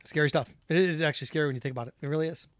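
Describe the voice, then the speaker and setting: A man's voice: on the high side, fairly even intonation, rapid-fire, no echo, studio quality. A man hosting a sports talk show, giving solo commentary in an emphatic, opinionated way and repeating his points for effect.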